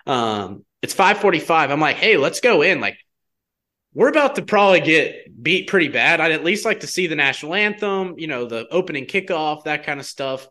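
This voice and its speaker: A young man chatting casually as a guest, telling a personal story in an animated way, full of "like" fillers. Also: fairly high pitch, moderate pace. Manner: animated, heavy use of "like" fillers.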